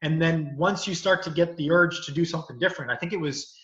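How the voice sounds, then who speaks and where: Man, comedian, casual rambling chat, slightly high, bright voice, dull roomy video call sound. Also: fast. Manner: rambling storytelling, many "you know"s. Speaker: comedian and lawyer.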